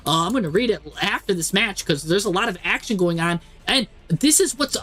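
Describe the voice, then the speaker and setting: A man streaming live, commentating a card game match and talking to the players on screen in an exasperated, animated way. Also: high voice, fairly quick, few pauses.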